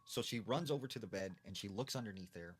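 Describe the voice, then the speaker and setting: A man's voice: lowish voice, fast, husky, soft background music. Casual male ghost-story teller. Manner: conversational, with many fillers.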